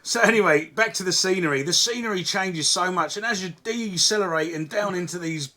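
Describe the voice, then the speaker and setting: Bright-voiced Australian man, crude banter. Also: high-pitched, a little fast. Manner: crude, self-mocking humour. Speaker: four-wheel-drive vlogger. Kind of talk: joking dubbed-over banter.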